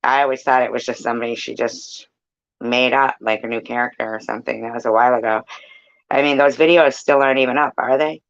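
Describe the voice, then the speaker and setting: A man's voice: mid-range voice, steady tone, quick pace, vocal fry, fairly bright tone, muffled recording. A man hosting a casual live chat room, rambling and blunt, swearing now and then.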